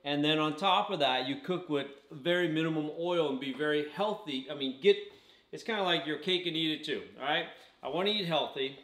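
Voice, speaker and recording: A man's voice: on the high side, fairly quick, fairly bright tone. Chatty man with a roomy echo. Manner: chatty, tags lines with "okay?", talks while eating. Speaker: channel host. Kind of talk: casual food review vlog.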